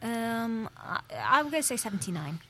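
A woman's voice: fairly high pitch, sing-song, moderate pace, pushed and bright, a little hiss or hum. A woman with a Scouse accent, chatting casually and telling self-mocking stories. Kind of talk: casual chat.

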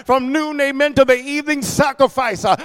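High-voiced animated man preaching. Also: fairly quick. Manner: animated, mocking call-and-response preaching with shouts. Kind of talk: sermon.

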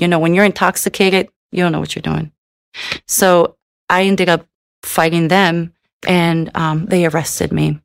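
A woman's voice: fairly low pitch, no echo, studio quality. A woman giving a personal faith testimony, speaking in a candid, earnest way and often adding "you know".

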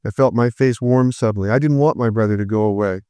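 A man narrating a first-person story in a steady, reflective read. His voice is smooth and clear, and the recording is dry and close. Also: on the low side, quick pace, no room sound. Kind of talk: scripted narration.

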